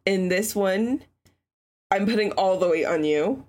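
A woman co-hosting a podcast in casual chat, giggly and halting. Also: mid-range voice, darkish tone. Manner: giggly, halting, lots of fillers. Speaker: podcast co-host.

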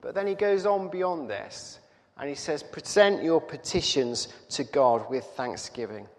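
A man preaching a sermon, telling a story slowly and thoughtfully, with pauses and fillers. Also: fairly high pitch, very animated, vocal fry. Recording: reverberant hall.

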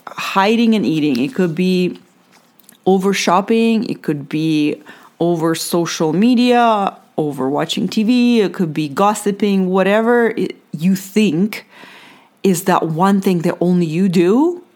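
A woman's voice: fairly low pitch, measured pace, darkish tone. A mother hosting her own podcast, talking earnestly and encouragingly straight to the listener in a reflective solo talk.

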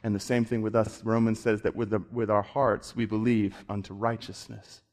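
A male preacher delivering a sermon on a clip-on mic, building to high, excited bursts as he retells scripture. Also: moderate pace.

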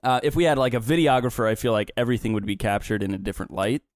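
A man's voice: steady tone, rapid-fire, no echo, studio quality. A young man chatting with his family on a podcast, opinionated and getting worked up. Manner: opinionated, ranting, rising pitch when worked up. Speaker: son, podcast co-host. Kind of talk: casual family chat.

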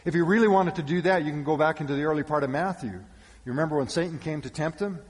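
A male pastor giving a sermon with animated storytelling, shifting between loud calls and hushed asides. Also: a little high, quick pace. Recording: long reverb of a church hall.

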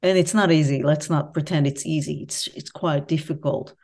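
A woman in a conversational interview, with a voice pitched a little on the low side. She talks earnestly and reflectively as an author and professor, speaking openly about personal struggle. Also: fairly even intonation, moderate pace, a little mellow.

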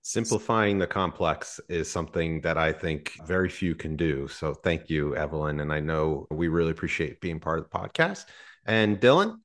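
A man's voice: extremely low pitch, lively intonation, moderate pace, a bit bright. A man hosting a podcast panel, chatting casually and joking at his own expense. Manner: joking, self-deprecating. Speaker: podcast host.

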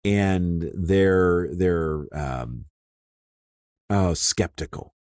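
A man giving an informal, conversational Bible teaching as a pastor, with many fillers and bursts of excitement. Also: low voice, very slow, no room sound, studio quality.

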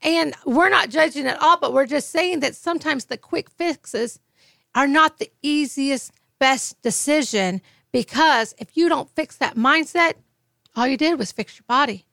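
A woman's voice: high voice, measured pace, gravelly, a bit bright, no echo, clean studio sound. A woman co-hosting a faith podcast, telling stories emphatically and laughing often. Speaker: podcast co-host.

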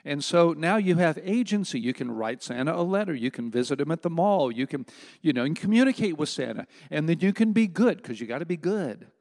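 A man's voice: a little high, expressive, brisk, a little mellow, long reverb tail. A man preaching a sermon, emphatic and conversational, with rhetorical asides to his listeners.

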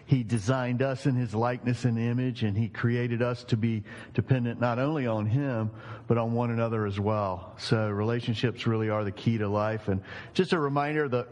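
Male pastor, sermon delivery, emphatic storyteller, medium pitch, reverberant church hall. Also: moderate pace, a little mellow.

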